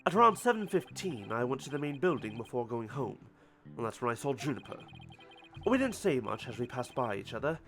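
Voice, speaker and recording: A man's voice: medium pitch, sing-song, fairly quick, a bit bright. A man voicing a pompous, haughty young male student witness while reading a video game aloud.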